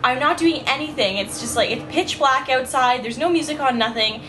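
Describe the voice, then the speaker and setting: Young woman vlogging at home, just woke up so morning voice, kinda high, rambly and chatty. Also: fairly quick, music in the background. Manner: chatty, rambling, says "like" and "you know" often. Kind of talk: casual vlog monologue. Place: at home, indoors.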